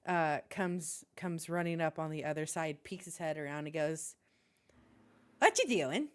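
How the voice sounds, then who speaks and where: A young woman running a tabletop game as game master, animated and often breaking into laughter. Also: low-pitched, normal speed, clear, resonant tone.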